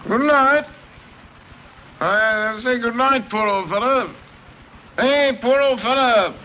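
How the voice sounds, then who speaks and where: An actor playing a drunken upper-class English gentleman who rambles in a slurred, singsong way, in a 1930s radio drama. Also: very high voice, takes it slowly, a little hiss or hum. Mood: tipsy rambling. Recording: muffled old radio rehearsal tape.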